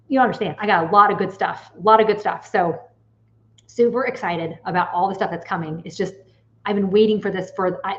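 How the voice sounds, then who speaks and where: An animated woman in her late forties chats casually with her viewers as a psychic medium. She tells stories loosely and swears freely. The recording sounds dull and lo-fi. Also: medium pitch. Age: late 40s.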